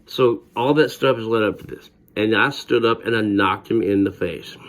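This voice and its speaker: A man's voice: fairly low pitch, normal speed, a bit bright. A middle-aged man telling a childhood story in a wry, conversational way, chuckling now and then. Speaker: vlogger. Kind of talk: personal storytelling.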